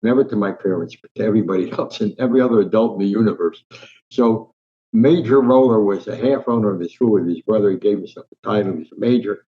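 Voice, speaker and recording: A man's voice: fairly low pitch, fast. An older man from New Jersey, a guest in an interview, telling stories and acting out the voices of the people in them. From Newark, New Jersey, US. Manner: animated raconteur, acts out quoted voices. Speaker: interview guest, sports columnist. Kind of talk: anecdotal storytelling in an interview. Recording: slightly dull lo-fi sound.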